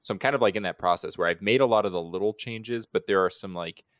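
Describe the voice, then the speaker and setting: A man co-hosting a podcast, talking casually about his writing in a halting, rambling way. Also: on the low side, a bit bright, dry recording, clean studio sound. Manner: halting, rambling with many fillers. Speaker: podcast co-host, screenwriter. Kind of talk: casual chat.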